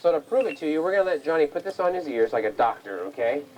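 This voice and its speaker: A woman's voice: deep voice, animated, fast, noisy background. A woman performing a magic show at a children's birthday party, coaxing and singsong as she gets the kids to chant along, recorded on a 1980s home camcorder.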